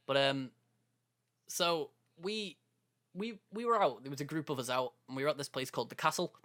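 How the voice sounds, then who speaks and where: Lively young man telling a story. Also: fairly high pitch, moderate pace. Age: young adult. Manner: animated storyteller who acts out quotes and laughs often. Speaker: podcast co-host. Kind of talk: casual chat, telling a story.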